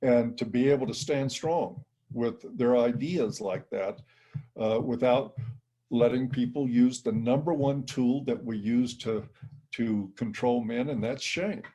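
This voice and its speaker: A middle-aged man answers interview questions bluntly and with emphasis. His voice is mellow and dark, with a husky edge. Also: mid-range voice, a little slow. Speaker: interview guest. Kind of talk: interview conversation.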